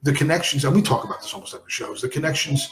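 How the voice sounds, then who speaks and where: A man's voice: fairly high pitch, very fast, roomy sound. A man from New Jersey hosting a podcast in casual chat, blunt and emphatic. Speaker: podcast host.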